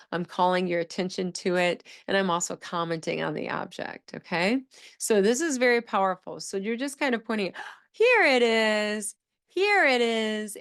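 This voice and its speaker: A woman speech-language pathologist teaching on a podcast, explaining points step by step and acting out phrases with exaggerated, sing-song intonation. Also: mid-range voice. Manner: explanatory, repeats key phrases, says "okay?" to check in.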